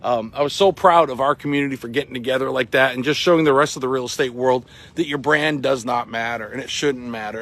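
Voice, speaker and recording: Upbeat middle-aged male host, winded, casual live talk, lots of ums, mid pitch. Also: a bit bright. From Massachusetts. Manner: upbeat, chatty, many ums and uhs. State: sweating and out of breath. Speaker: real estate broker hosting a morning show. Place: outdoors at a baseball field.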